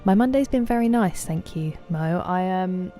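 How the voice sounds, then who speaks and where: A woman's voice: on the low side, lively intonation, normal speed, warm tone. A young woman streaming a game, chatting playfully and greeting viewers by name. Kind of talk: casual live-stream chat while gaming. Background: faint game music.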